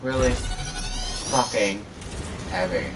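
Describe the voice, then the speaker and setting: A teenage boy rambles through a personal story, packed with fillers, restarts and casual cursing. His voice is mid-pitched and sits well off the mic. Loud gunfire crackles behind it. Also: fairly even intonation, extremely slow, distant mic. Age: teens. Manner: loose, filler-heavy, cursing, self-interrupting. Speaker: vlogger.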